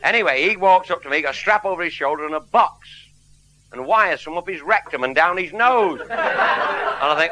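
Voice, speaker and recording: A man's voice: sits high, lively intonation, moderate pace, pauses often, very noisy. Blunt man spinning a yarn. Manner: blunt, earthy and wry. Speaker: storyteller. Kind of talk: comic anecdote before a live audience.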